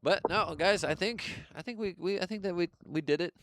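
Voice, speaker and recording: A man's voice: sits high, a bit bright, no echo, studio quality. A man co-hosting a comedy podcast over a video call, rambling and joking. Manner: rambling, joking, quick to do voices. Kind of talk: casual chat.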